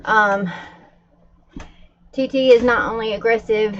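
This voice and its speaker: A woman's voice: medium pitch, a little slow, dull audio, a little hiss or hum. A woman livestreaming to her viewers in casual chat, a little out of breath and upset. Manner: upset, talking to viewers while calming pets.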